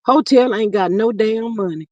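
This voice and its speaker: A woman hosting a livestream, reading viewer comments aloud in animated, gossipy chat and calling out to y'all. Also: a little high, moderate pace, no echo, muffled recording. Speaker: livestream host.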